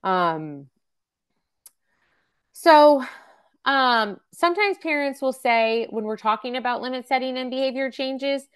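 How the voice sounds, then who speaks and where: A woman in her thirties or forties presents a parenting webcast, teaching in a chatty, casual way with lots of fillers and acted-out example quotes. Her high-pitched voice has lively intonation and a clean tone, running a little slow with frequent pauses.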